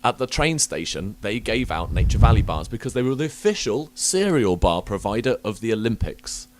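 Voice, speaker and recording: Animated, swearing man telling stories. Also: on the low side, brisk, a little hiss or hum. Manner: animated storyteller, swears freely, laughs often. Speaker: podcast host. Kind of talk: casual chat.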